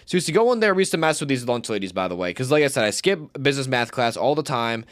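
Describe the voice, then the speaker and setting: A man's voice: mid-range voice, expressive, very fast, fairly bright tone, no room sound. A young man streaming live, telling rambling, slangy stories and swearing often. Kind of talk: casual storytelling on a livestream.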